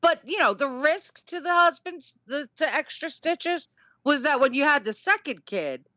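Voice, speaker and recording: A woman's voice: sits high, expressive, normal speed, bright, forceful tone, no room sound. A woman on a podcast, chatting in a blunt, profane and emphatic way. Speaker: podcast guest. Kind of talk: casual comedic chat.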